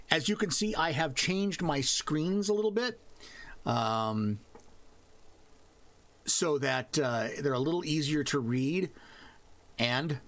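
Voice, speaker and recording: Slow-talking man hosting a livestream. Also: medium pitch, fairly bright tone. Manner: playful, chats with viewers. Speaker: livestream host. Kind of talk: casual livestream chat.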